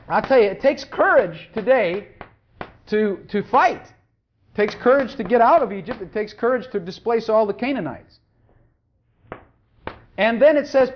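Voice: medium pitch, sing-song, measured pace, long pauses, slight background noise. Emphatic, repetitive preacher on lo-fi tape. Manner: emphatic and repetitive, hammering points home; drops to quiet mumbling when searching for a verse. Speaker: pastor. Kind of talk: sermon. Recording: dull lo-fi recording.

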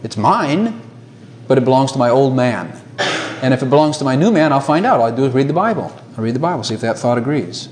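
A man preaching a sermon to a congregation, animated, laughing often and asking rhetorical questions. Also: medium pitch, fast, slight background noise.

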